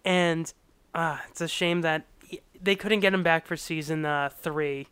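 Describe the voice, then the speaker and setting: A man's voice: on the high side, steady tone, measured pace, fairly bright tone, clean tone, dry recording. A man hosting a podcast in casual chat, giggling often and retelling scenes with animation.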